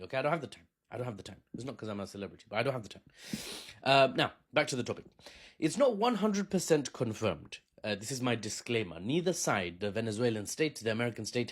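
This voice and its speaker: A young man tells a news story in a loose, chatty way. He cracks jokes, laughs at his own asides and drops into silly put-on voices, and his pitch leaps and swoops all over the place. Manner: joking, lively, laughs at own asides, puts on silly accents. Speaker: host. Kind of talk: casual storytime commentary.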